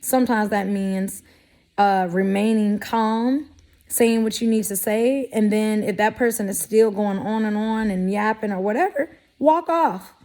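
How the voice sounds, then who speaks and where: Woman vlogger, mid pitch, blunt and sassy, casual advice talk. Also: a little slow. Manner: sassy, blunt, animated with mock quotes. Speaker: vlogger giving life advice. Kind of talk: casual direct-to-camera talk.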